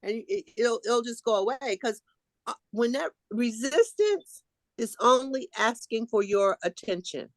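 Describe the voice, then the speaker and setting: Woman leading a group call, kinda high voice, animated, dry sound. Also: unhurried, dry recording. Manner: animated, acts out voices of resistance. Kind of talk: casual group coaching.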